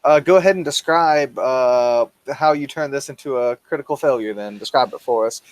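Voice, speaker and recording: A man's voice: medium pitch, moderate pace, dry recording. Hesitant male game master. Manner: hesitant, filler-heavy. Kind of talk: narrating a tabletop game.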